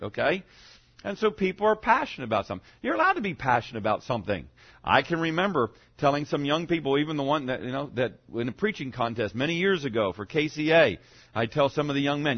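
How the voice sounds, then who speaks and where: A man preaching a sermon to his congregation, swinging from loud to hushed as he goes. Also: medium pitch, sing-song, fairly quick. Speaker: pastor. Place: church sanctuary. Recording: dull lo-fi sound.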